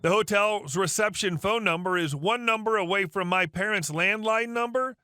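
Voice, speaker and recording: A man narrates online stories in a wry, scripted way. His voice is high and bright. Faint music plays underneath. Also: moderate pace, clear, resonant tone.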